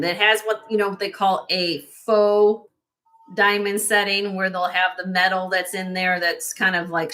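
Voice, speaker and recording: Chatty lady selling jewelry on a live stream, bright voice, keeps correcting herself and laughing. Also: on the low side. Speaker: live jewelry sale host.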